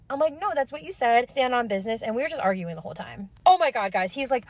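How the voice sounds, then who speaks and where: Exasperated high-voiced young woman. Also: fast talker, hardly any pauses, no echo. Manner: exasperated, talks straight to viewers. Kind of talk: storytime vlog.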